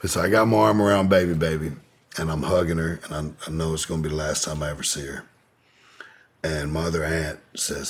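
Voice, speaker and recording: A man's voice: very deep voice, little pitch movement, fairly quick, husky. A man telling a long personal story as an interview guest, candid and rambling, with frequent profanity and fillers.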